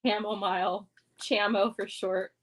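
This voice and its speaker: Quiet, low-key woman co-host. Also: flat delivery, unhurried. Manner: quiet, low-key, short dry reactions. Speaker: co-host beside the streamer. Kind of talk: casual livestream chat.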